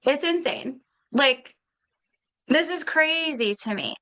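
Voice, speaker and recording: A woman hosting a podcast, her voice bright and slightly high. She reacts in a blunt, emphatic way and swears freely in casual chat. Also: lively intonation, slow pace. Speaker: podcast host.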